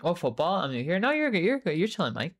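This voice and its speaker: A man's voice: high voice, big pitch swings, fast talker, fairly bright tone. Rambling young man chatting on stream. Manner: rambling, loose and profane, many fillers; answers chat messages by name mid-story. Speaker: livestreamer reading chat. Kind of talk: casual live-stream chat.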